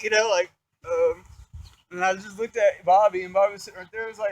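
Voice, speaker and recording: A man's voice: sits high, fairly even intonation, fairly quick, pauses often, poor audio. A young man telling a crude life story in a casual, rambling, profane way, full of fillers.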